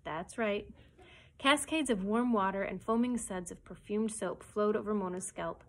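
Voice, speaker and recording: A woman, a children's librarian, reading a chapter book aloud for story time with steady, expressive storytelling. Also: medium pitch, moderate pace, rough recording.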